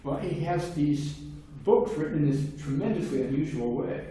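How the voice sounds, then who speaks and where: A man's voice: on the high side, expressive, normal speed, mellow. Older man lecturing in an echoey room. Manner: discursive, many restarts and fillers, acts out quoted voices. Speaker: philosophy lecturer. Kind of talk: seminar talk. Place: seminar room. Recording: very echoey room, distant mic, faint hiss.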